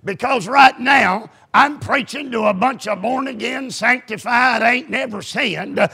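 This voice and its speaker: Male pastor, fervent folksy sermon, shouts often, husky and gravelly. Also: very high-pitched, measured pace.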